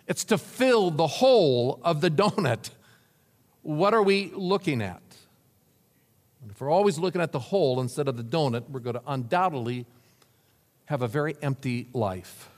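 A man's voice: fairly high pitch, lively intonation, unhurried. A man preaching a sermon, telling stories with chuckles and acting out the voices of the people in them. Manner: storytelling with chuckles, acting out quoted characters. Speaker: pastor. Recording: reverberant hall.

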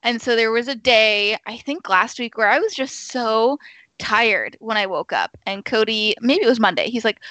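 Young woman co-host, bright and high-ish, dry close mic, lively storyteller. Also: moderate pace, no echo. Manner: animated storyteller, acts out quotes. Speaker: podcast co-host. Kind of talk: casual chat.

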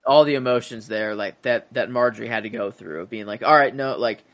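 Halting, musing male podcast co-host. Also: mid-range voice, a bit bright, dry recording. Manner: halting, with many restarts and fillers, musing. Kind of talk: casual rewatch podcast chat.

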